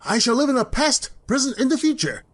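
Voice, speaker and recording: A woman voicing a grumpy old miserly man in an animated film, pleading and dramatic. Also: high-pitched, a little fast.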